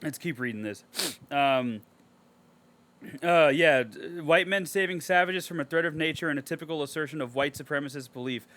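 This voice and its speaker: A man with a fairly high, bright, forceful voice co-hosts a casual movie podcast. He reads a review out loud and keeps breaking off to tear into it, sarcastic and full of swearing. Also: moderate pace. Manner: reads a review aloud and rants at it with sarcastic, profane outbursts. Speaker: podcast co-host.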